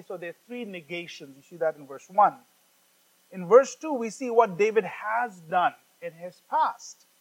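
A man preaching a sermon, explaining a psalm verse by verse and reading scripture slowly with emphasis. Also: sits high, low-quality recording. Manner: slows down and reads scripture aloud with emphasis; explanatory, with occasional fillers.

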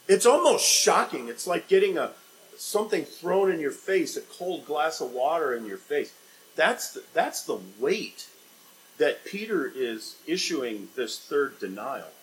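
A man preaching an expository sermon, rising to loud emphatic bursts and dropping to quiet, low scripture reading. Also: slight background noise, low-quality recording.

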